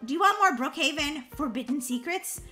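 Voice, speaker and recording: High, bright, excitable girlish woman. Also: a little fast, soft background music. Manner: excitable, giggly, chatty. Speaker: gaming channel host. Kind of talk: playful gameplay commentary.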